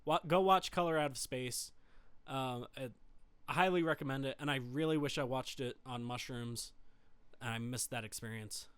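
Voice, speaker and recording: A man's voice: mid-range voice, normal speed, a bit bright, clean tone, no echo. A young man from Utah co-hosting a podcast, rambling and hesitant, laughing easily. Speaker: podcast co-host. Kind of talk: casual chat.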